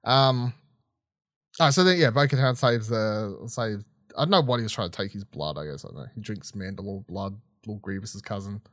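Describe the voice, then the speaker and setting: A man's voice: lowish voice, fairly quick, a bit bright, no room sound, studio quality. A man co-hosting a podcast, reviewing an episode in casual chat, exasperated, swearing and laughing often. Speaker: podcast co-host.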